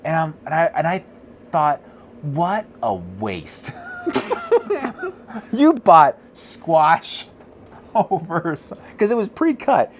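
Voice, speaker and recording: Man, podcast co-host, lively chat, laughs a lot, animated storytelling, faint background hiss. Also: a little high, slow, long pauses. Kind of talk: casual chat reading viewer comments.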